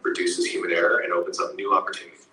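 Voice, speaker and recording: A male AI assistant voice giving a polished, even answer, played from a phone speaker. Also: low-pitched, very fast, slight background noise. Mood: informative. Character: male AI chatbot voice, smooth and helpful. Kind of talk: text-to-speech assistant reply. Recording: phone speaker in echoey room from far off.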